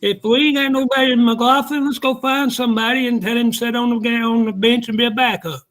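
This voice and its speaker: A man complaining in an exasperated, rapid-fire way as a sports talk co-host. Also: very high-pitched, steady tone, a bit bright, poor audio.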